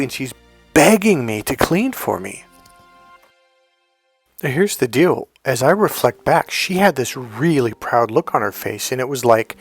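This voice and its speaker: A man coaching on dating tells a story from his own life in a lively, talkative way. His pitch sits mid-range, and he leaps up high whenever he quotes his girlfriend. Faint music runs under his voice. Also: moderate pace, slightly rough. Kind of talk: storytelling monologue.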